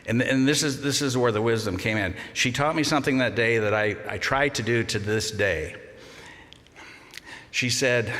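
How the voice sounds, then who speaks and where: An older man giving a memorial eulogy, telling fond anecdotes with gentle humor. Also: mid-range voice, moderate pace. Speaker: eulogy speaker. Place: large congregation hall. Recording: long reverb of a large hall.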